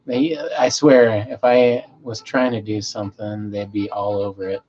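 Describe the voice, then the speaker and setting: A man's voice: on the low side, level tone, moderate pace, darkish tone. A man hosting a casual livestream from home, rambling in a laid-back way and reading viewers' chat aloud. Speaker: livestream host. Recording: slightly muffled, faint music behind.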